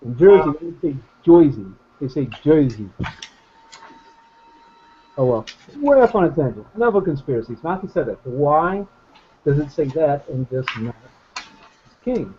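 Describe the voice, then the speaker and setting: Brief: chatty, hesitant man in a study group, slightly high voice, lo-fi video call audio. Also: sing-song, moderate pace, noisy background. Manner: rambling, hesitant, good-humored. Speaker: Bible study participant. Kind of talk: casual group discussion.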